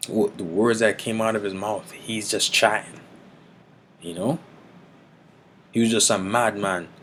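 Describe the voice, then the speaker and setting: A man giving an informal Bible teaching, mixing street slang and swearing with slow, deliberate scripture reading. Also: lowish voice, a little hiss or hum, rough recording.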